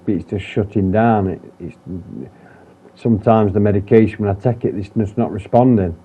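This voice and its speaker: A man talking candidly in a personal vlog, rambling, swearing often and restarting his sentences. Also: lowish voice. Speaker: vlogger. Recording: dull lo-fi sound.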